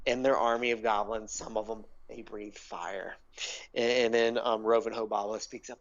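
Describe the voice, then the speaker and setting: A man's voice: lowish voice, level tone, moderate pace. A man narrating as game master of a tabletop game, rambling with lots of fillers, on a dull lo-fi recording.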